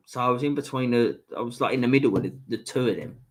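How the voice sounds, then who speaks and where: A man's voice: mid-range voice, fast talker. A man from East London with a Cockney accent, rambling casually on a fan livestream and reading out the chat. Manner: rambling, chatty, frequent restarts, swears casually. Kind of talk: casual live stream chat.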